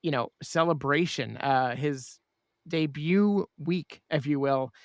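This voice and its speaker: A man's voice: on the high side, takes it slowly, dry recording, studio quality. A man hosting a podcast, talking in an earnest, enthusiastic way. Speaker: podcast host. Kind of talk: casual chat.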